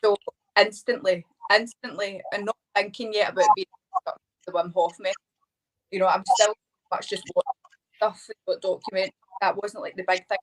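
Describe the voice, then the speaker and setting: A woman with a Scottish accent, a hypnotherapist guest telling a personal story in a lively, chatty way full of laughs and fillers. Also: medium pitch, moderate pace, rough recording. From Scotland. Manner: animated, laughing, many fillers like "like". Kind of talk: casual storytelling interview.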